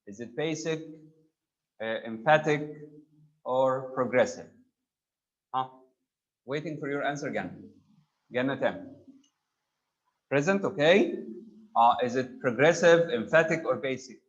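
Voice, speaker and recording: A man's voice: medium pitch, unhurried, long pauses. Man, grammar teacher, patient questioning, muffled video-call audio. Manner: patient, prompting students by name. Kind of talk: online grammar class.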